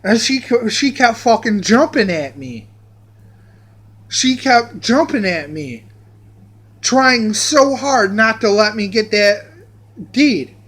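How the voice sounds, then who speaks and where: A man's voice: high voice, very animated, fairly bright tone. A man telling a rambling personal anecdote straight to the camera. He swears a lot and keeps repeating his phrases. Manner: profane, repeats phrases, drawn-out. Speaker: vlogger telling a personal story.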